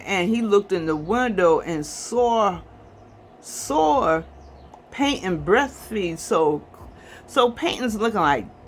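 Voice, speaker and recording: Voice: mid-range voice, fairly bright tone, slight background noise. A movie reviewer casually recapping a film's plot in a rambling, chatty way, talking to viewers as y'all.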